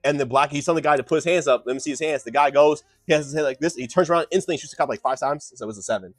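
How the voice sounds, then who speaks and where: Fast-talking combative man streamer. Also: on the high side, no echo, faint music behind. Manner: combative, lecturing, swings between loud outbursts and muttering asides. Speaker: streamer debating chat. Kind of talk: heated live-stream debate.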